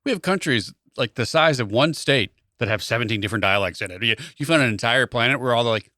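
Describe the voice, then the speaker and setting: Fast-talking, animated male podcast co-host. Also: mid-range voice, dry recording, clean studio sound. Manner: fast storytelling, acts out quoted voices. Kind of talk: casual comedic chat.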